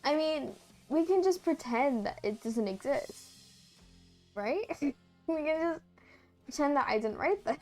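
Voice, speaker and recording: A woman's voice: high voice, lively intonation, unhurried, pauses often, darkish tone. Giggly woman streamer reading her fanfic. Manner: giggly, self-conscious, jokey asides. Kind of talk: reading her own fanfic aloud on a livestream. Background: faint music.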